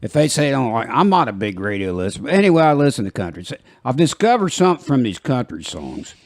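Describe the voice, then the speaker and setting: An older man with a small-town American twang hosts a casual podcast and wanders from one joke to the next. His voice is gravelly and swings widely in pitch. The sound is dry and close to the mic. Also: very animated, fast talker, no echo. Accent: rural American twang. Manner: rambling, joking, laughs at his own stories. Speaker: podcast host. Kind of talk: casual chat.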